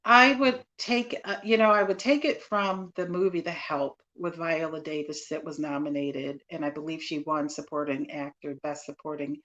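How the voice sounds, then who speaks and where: A woman's voice: low-pitched, steady tone, moderate pace, hardly any pauses, fairly bright tone, muffled recording. A woman who is a minister and author, speaking as a podcast guest in an emphatic, affirming way. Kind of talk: interview talk.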